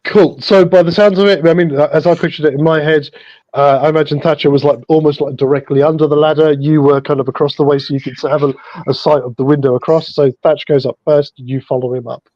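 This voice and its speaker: A man runs a tabletop horror game as storyteller, his voice sitting a little high. He narrates in a relaxed way, pausing on fillers as he goes. The sound is dull and lo-fi, with a dry, close feel. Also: no echo.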